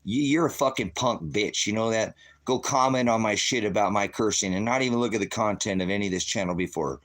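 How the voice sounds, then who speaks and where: A man's voice: lowish voice, brisk, fairly bright tone. A middle-aged man hosting his own channel, delivering a profane, combative, rambling rant at his viewers. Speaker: channel host. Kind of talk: ranting monologue to viewers.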